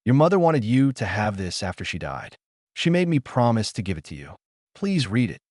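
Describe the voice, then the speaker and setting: A man voicing a secretive middle-aged father who pleads earnestly, read in a dry, lowish voice. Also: very animated, normal speed, a little mellow, no room sound. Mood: pleading.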